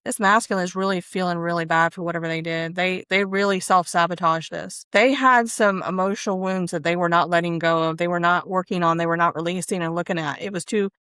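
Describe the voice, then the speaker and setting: A woman giving a casual spiritual tarot card reading, chatty and expressive, now and then excited or close to tears as cards come up. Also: lowish voice, a little fast, hardly any pauses, smooth, dry recording. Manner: chatty, Southern-tinged "y'all", breaks into laughs and excited exclamations.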